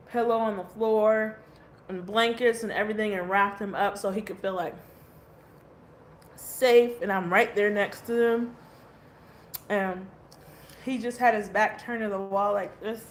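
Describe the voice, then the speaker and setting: A woman's voice: mid-range voice, steady tone, unhurried, long pauses, slight background noise. A woman giving a casual tarot reading who rambles, swears casually and laughs often. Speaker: tarot reader.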